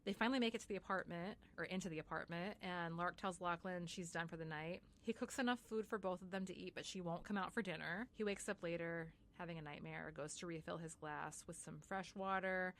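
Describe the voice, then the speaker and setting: A woman's voice: lowish voice, fairly quick, hardly any pauses, fairly bright tone, slight background noise. A woman co-hosting a podcast, retelling a book in casual chat with lots of "like" and frequent swearing. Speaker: podcast co-host.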